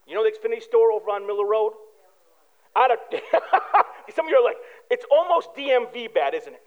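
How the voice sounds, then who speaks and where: A man's voice: extremely high pitch, lively intonation, moderate pace, dull audio. A man, a pastor, giving a conversational sermon full of everyday stories and asides to the congregation. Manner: casual storytelling with asides to the congregation.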